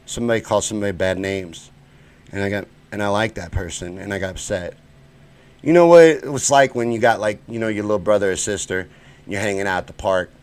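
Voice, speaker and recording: Hosting a live-stream rant show, a man from the United States gets heated and profane, lurching from loud eruptions to quiet muttering.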